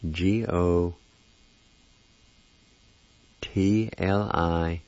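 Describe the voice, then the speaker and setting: A man's voice: sits low, fairly even intonation, drawn-out words, darkish tone, dry recording. A man teaching a language lesson, carefully spelling and repeating each word in a dull lo-fi recording. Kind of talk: slow word-by-word pronunciation lesson.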